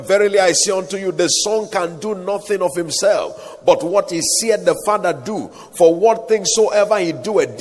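A man preaching a sermon with emphatic delivery, calling out for the congregation to respond. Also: high-pitched. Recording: echoey hall, voice at times off-mic.

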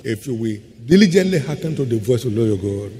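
A man preaching a sermon as pastor, emphatic, trading quick asides for slow, stressed words. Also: mid-range voice, big pitch swings, mellow. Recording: faint hum in a long-reverb hall.

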